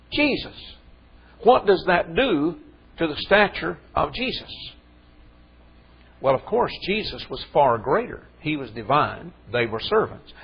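Husky-voiced male preacher. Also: a little high, highs cut off. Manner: conversational, rising to fervent emphasis. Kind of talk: sermon.

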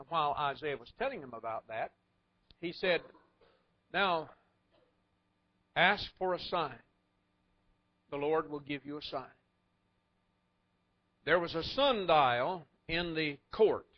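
A man's voice: on the high side, lively intonation, unhurried, long pauses. Folksy man preaching, lo-fi recording. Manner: folksy storytelling with wry asides and chuckles. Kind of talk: sermon. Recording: muffled lo-fi recording.

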